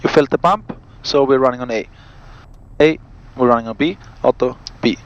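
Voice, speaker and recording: A man, a pilot and vlog host, reading out cockpit checklists crisply and adding friendly asides to viewers from a small aircraft cockpit. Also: mid-range voice, moderate pace, highs cut off.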